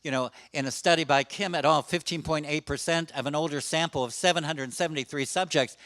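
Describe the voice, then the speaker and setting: A man's voice: a little high, fairly quick, fairly bright tone, no room sound. A middle-aged man presenting at a conference to a live audience, chatty and self-deprecating, with frequent fillers. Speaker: presenter on suicide prevention.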